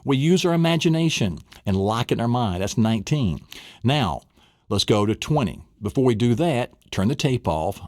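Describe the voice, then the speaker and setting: Male teacher on a recorded lesson tape, animated and encouraging, somewhat low voice, dry recording. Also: dry recording. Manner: enthusiastic, coaching, drills the listener. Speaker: memory course teacher.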